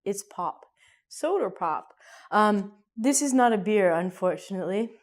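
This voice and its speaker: With lively intonation, a medium pitch and a measured pace, a Canadian woman teaches English online in a casual, joking way. Her Canadian accent comes through as she acts out little scenes with sudden loud and hushed bits.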